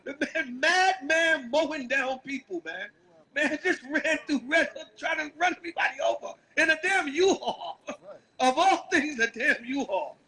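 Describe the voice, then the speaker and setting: A man's voice: very high-pitched, animated, moderate pace, sharp tone, poor audio. A man with a Brooklyn, New York accent preaching on the street, calling out verses and asking "right?" again and again. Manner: emphatic, calls out verses, asks "right?" often. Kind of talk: street sermon with scripture reading.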